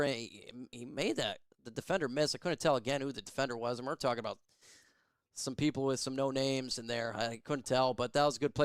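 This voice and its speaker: A man doing live fan play-by-play of a football game, emotional and excitable, shouting on big plays and chatting with viewers. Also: medium pitch, brisk, smooth, no echo, clean studio sound.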